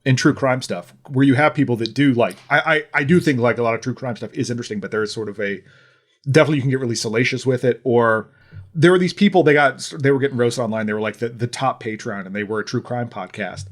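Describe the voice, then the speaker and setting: A man's voice: medium pitch, quick pace. A man from the American Midwest co-hosting a podcast, talking through a movie in a wry, opinionated way while thinking aloud. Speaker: podcast co-host. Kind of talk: casual film-review chat.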